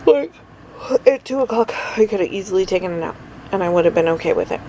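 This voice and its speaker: A middle-aged woman talks through her day in a loose, rambling vlog, sounding tired. Her voice has a gravelly rasp, with a faint hum of noise behind her. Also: mid-range voice, animated, quick pace, mellow, poor audio. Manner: rambling, chatty, lots of fillers. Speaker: vlogger. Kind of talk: casual daily vlog chat.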